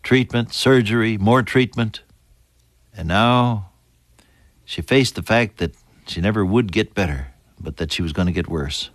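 An older man preaching a sermon. He rises to loud emphasis on scripture and drops to soft, near-whispered lines. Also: fairly low pitch, unhurried, no room sound. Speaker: pastor.

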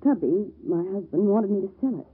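A woman playing a nervous, breathy young wife. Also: medium pitch, expressive, brisk. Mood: anxious. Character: anxious young wife in legal trouble. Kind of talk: old-time radio drama acting. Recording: lo-fi vintage radio recording.

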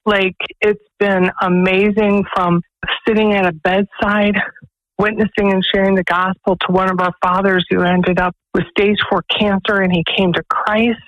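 A woman's voice: medium pitch, fairly bright tone, no room sound, lo-fi sound. A woman, director of a pregnancy resource center, earnestly telling stories as a guest on a radio interview in a studio. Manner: earnest storytelling, quoting others.

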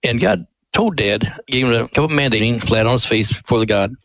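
Older man, gravelly, dry close mic, earnest radio guest storyteller. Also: mid-range voice, a little fast, no echo, rough recording. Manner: earnest, animated retelling. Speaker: ministry president, guest.

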